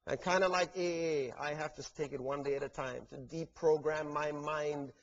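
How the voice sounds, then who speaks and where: A man preaching a sermon earnestly, building to fervent peaks and dropping to soft, quiet lines. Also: fairly high pitch, fairly even intonation, normal speed, dull audio.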